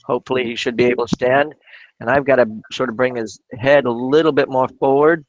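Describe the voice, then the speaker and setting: Male crafting-stream host, halting and chatty, lo-fi dry sound. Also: mid-range voice, fairly even intonation, dry recording. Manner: halting, with frequent restarts and repeated words. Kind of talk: casual live-stream chat while crafting.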